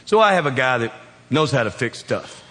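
A man with a Southern Kentucky drawl preaching a sermon in a church, folksy and joking, swinging from loud emphatic peaks down to quiet, low appeals. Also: sing-song, moderate pace. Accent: Southern US, South Central Kentucky. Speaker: pastor. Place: church sanctuary. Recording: long hall reverb.

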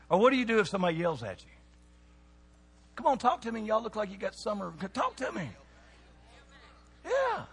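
Man, preacher, high lively voice, sermon in a reverberant hall. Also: breathy edge. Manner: animated, asks the audience questions. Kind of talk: sermon to young people.

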